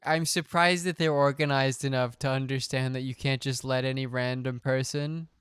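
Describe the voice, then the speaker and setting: A man's voice: medium pitch, fairly even intonation, normal speed, fairly bright tone, clean tone, no echo, studio quality. A man giving amused, casual commentary on a clip, swearing and trailing off in filler. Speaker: streamer reacting to a clip.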